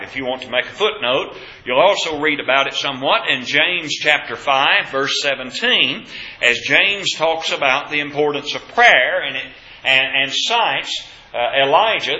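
A man with a fairly high-pitched voice and a sharp tone teaches a Bible class, putting questions to the group and stressing key points with emphasis. The room recording is echoey and dull.

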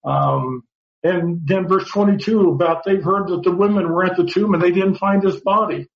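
A man's voice: high-pitched, normal speed. A man teaching a Bible study class, earnest and explaining step by step, often repeating words as he goes. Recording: dull lo-fi sound.

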